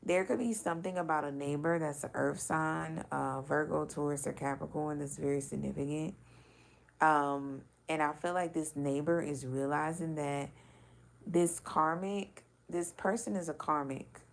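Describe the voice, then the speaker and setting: Low-voiced blunt woman giving a reading. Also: fairly even intonation, moderate pace, creaky. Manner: loose and blunt, swears, many filler "like"s. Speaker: spiritual card reader. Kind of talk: casual intuitive reading to camera.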